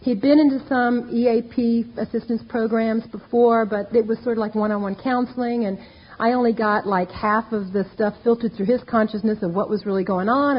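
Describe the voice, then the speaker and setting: A woman's voice: fairly high pitch, steady tone, moderate pace. A woman giving a candid, self-mocking personal testimony to an audience, acting out the dialogue. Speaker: speaker sharing her recovery story. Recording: dull lo-fi tape recording.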